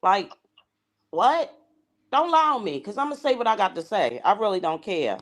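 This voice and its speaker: Animated woman host dishing gossip. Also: mid-range voice, normal speed. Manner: blunt, animated, slangy and emphatic. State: eating while talking. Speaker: show host. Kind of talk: casual gossip commentary chat.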